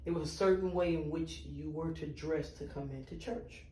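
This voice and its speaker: A man's voice: a little high, steady tone, moderate pace, mellow, slight background noise. A man co-hosting a casual podcast about faith, exclaiming in reaction and building his points with repeated "right?". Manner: emphatic, exclaims "Lord" and "Jesus" in reaction. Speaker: podcast co-host. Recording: roomy sound, distant from the mic.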